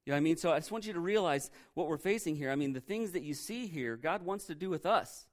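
A man's voice: on the high side, expressive, quick pace. A male pastor preaching a sermon in a church, conversational and full of rhetorical questions.

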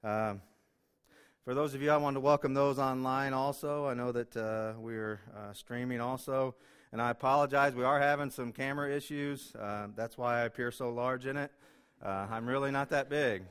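A man delivers a church sermon in a relaxed, emotional way, often pausing on "uh" fillers. His voice is smooth and clear at an ordinary pitch for a man. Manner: emotional, chatty, self-deprecating, many fillers. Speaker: guest preacher. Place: church sanctuary.

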